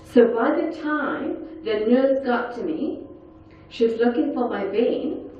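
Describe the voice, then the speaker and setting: A woman's voice: fairly high pitch, animated, takes it slowly. Woman, middle-aged, earnest intense storyteller, distant mic, dull echoey hall. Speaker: survivor giving a talk at a forum session. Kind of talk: personal testimony speech. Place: large conference hall.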